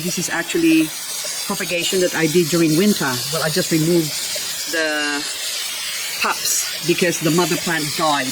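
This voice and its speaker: A woman's voice: on the low side, noisy background. A woman vlogging as she waters her garden. She chats casually and talks fondly to her plants. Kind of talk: casual chat while working.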